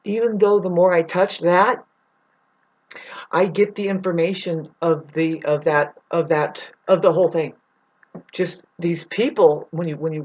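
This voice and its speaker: A woman's voice: mid-range voice, poor audio. A woman delivering a rambling, profane spiritual monologue to her viewers. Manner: intense, profane, digressive. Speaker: spiritual vlogger.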